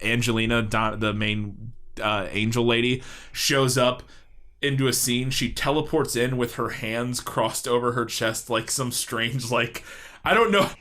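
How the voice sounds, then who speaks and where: A man's voice: medium pitch, fairly even intonation, a little slow, bright, forceful tone. A man co-hosting a comedy podcast, rambling through a movie with frequent laughter and casual swearing. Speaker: podcast co-host.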